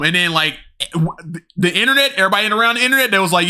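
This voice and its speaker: High-voiced young man chatting loosely on stream. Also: lively intonation, rapid-fire, pushed and bright, clear, resonant tone. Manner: rambling, slangy, loose, with frequent fillers and swearing. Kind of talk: live-stream chat with viewers.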